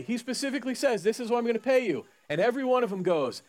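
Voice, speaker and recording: A man's voice: extremely high pitch, lively intonation, fast talker, hardly any pauses, darkish tone. A man giving a sermon, reading scripture and then riffing on it in a loose, joking way, acting out the people in the story. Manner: conversational, jokey preaching, acts out characters. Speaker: pastor.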